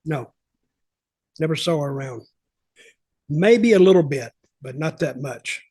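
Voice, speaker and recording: A man's voice: on the high side, animated, a little slow, a little mellow, slightly rough. An older man hosting a podcast, telling stories in a plainspoken way with wry asides. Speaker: podcast host, former wrestling insider. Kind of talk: casual storytelling interview.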